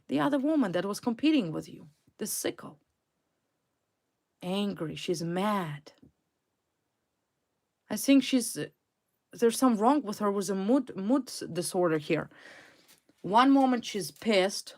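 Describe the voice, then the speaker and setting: A woman reading tarot cards to a viewer, blunt and emphatic, repeating her points and swearing freely. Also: medium pitch. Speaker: tarot reader.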